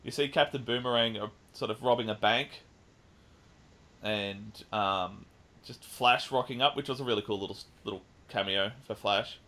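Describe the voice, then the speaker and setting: A man co-hosting a podcast, casually recapping a film with lively retelling and the odd swear. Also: lowish voice, normal speed. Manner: animated retelling with swearing and mimicked lines. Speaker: podcast co-host. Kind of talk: casual chat, film review.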